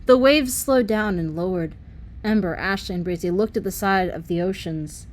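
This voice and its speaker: A woman narrating her own fantasy story as an amateur audiobook, in a plain, steady reading. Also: medium pitch, normal speed. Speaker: narrator and author.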